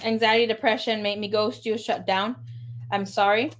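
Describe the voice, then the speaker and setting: A woman's voice: medium pitch, steady tone, normal speed. A woman giving a casual live tarot reading, chatty and rambling with fillers. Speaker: tarot reader.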